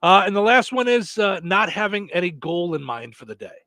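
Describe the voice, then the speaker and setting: A man's voice: sits high, sing-song, fairly quick, sharp tone, no room sound. Rambling male radio host, dry sound. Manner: rambling, many fillers and restarts. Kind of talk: casual morning radio chat.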